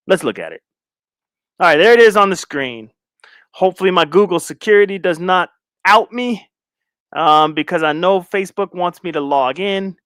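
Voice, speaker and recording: A man's voice: fairly high pitch, fairly bright tone, clean tone, dry recording, clean studio sound. A man hosting a casual live stream, talking loosely in slang and repeating his phrases while he shares his screen. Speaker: live stream commentary host.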